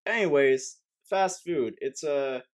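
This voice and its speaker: Rambling sarcastic young man, higher voice. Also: takes it slowly. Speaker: vlogger. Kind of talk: comedic rant to camera.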